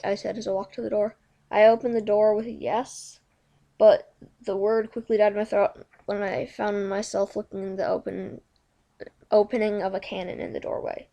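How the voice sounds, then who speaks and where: Woman, fanfiction reading, first-person narration, gravelly fry, stumbling, self-correcting. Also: medium pitch, dark tone. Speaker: fanfiction reader. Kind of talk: reading a fanfiction story aloud.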